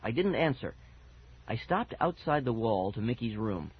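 A man narrating a first-person children's story with lively, animated expression. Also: medium pitch, moderate pace, husky. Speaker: audiobook narrator. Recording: dull lo-fi audiobook recording.

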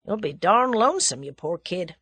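A woman's voice: lowish voice, sing-song, normal speed, fairly bright tone, breathy edge, no echo, exaggerated voice. A woman voicing a brash, friendly young American man who talks in folksy slang. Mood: teasing.

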